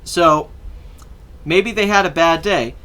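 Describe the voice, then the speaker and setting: A man's voice: on the high side, takes it slowly, pushed and bright. A young adult man hosting a podcast, telling a long casual story in a rambling way, swearing freely and acting out what people said. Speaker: podcast host.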